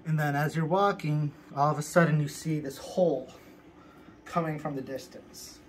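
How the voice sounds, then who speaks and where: Leading a listener through a visualization, a man chats casually, rambling and filling gaps with filler words. He speaks at a moderate pace with a fairly high pitch and fairly even intonation. There's a little hiss or hum on the low-quality audio.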